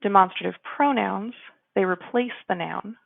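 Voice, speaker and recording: A woman with a gravelly edge to her voice explains grammar as a teacher, chatty and slowing down for her example sentences. The sound is dry and close, with no room around it. It also comes through narrow and tinny, like a phone call. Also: medium pitch, no echo. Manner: chatty, apologetic asides, slows to model example sentences. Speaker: Spanish teacher. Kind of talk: explanatory lesson.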